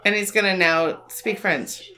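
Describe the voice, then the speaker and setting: A woman's voice: medium pitch, bright, forceful tone. A young woman co-hosting a podcast, chatting casually and joking while she has the hiccups. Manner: joking, quick, laughs often. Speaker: podcast co-host. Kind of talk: casual chat while watching a show.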